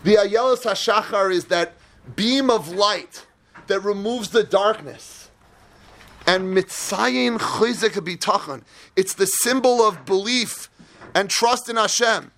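A man giving a sermon-style Torah lecture as a rabbi, dramatic, swinging between hushed low tones and impassioned shouting. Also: takes it slowly.

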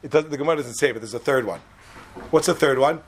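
A man teaching a Torah class in an animated way, quizzing his listeners and laughing at his own jokes. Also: mid-range voice, fast talker, slight background noise. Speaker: religious teacher.

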